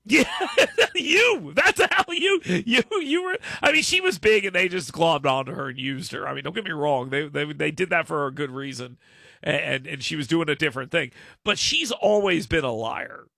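A man's voice: a little high, lively intonation, fairly quick, creaky, sharp tone, no room sound, studio quality. A man hosting a talk radio show, giving emphatic commentary and often repeating words as he starts a point.

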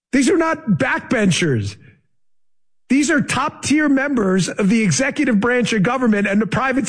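Male show host, high-pitched voice, combative and sarcastic political commentary. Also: slightly rough. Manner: combative, sarcastic, rising to heated outbursts.

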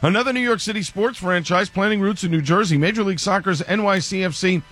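A man reading local radio news in a crisp, brisk, formal delivery. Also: high voice, fairly bright tone. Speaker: news anchor.

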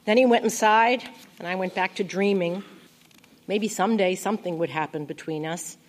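A woman narrating a first-person audiobook in a quiet, intimate, reflective way. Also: mid-range voice, normal speed.

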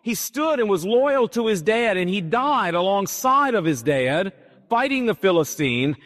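A man's voice: high voice, very animated, measured pace, fairly bright tone. A male pastor preaching a sermon, telling a Bible story emphatically and dramatically. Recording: long hall reverb.

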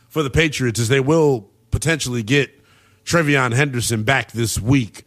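A man hosting a late-night sports talk radio show, brash and quick to tease callers. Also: medium pitch.

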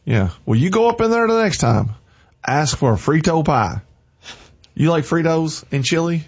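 A man with a Southern American drawl hosts a folksy, rambling radio chat. His voice is a little husky, and the recording sounds dull and lo-fi. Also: on the high side, very animated, normal speed. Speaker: radio host.

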